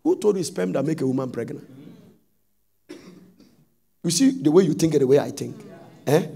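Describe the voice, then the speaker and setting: A man preaching a sermon, telling stories and rising into sudden loud sung-out phrases. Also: on the high side, lively intonation, moderate pace, creaky.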